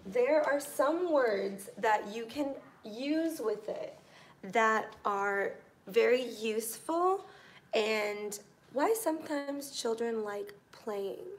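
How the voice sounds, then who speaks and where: A woman teaching a live online English grammar class, patient and encouraging, pausing to think while she writes examples. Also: fairly high pitch, a little hiss or hum.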